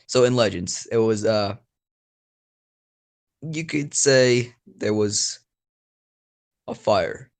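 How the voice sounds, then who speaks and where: Young male host, improvised storytelling, loose and filler-heavy, mid-pitched. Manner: rambling, swears casually, many fillers. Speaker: channel host.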